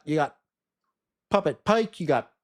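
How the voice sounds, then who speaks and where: A man casually recapping a TV episode, sarcastic and animated, sometimes mimicking the characters. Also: fairly high pitch, a little slow. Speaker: TV episode reviewer.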